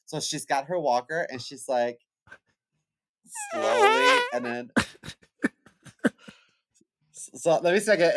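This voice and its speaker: A man's voice: mid-range voice, poor audio. Young man telling a story, faint hiss. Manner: animated, laughs through the story. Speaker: podcast co-host. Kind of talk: casual storytelling.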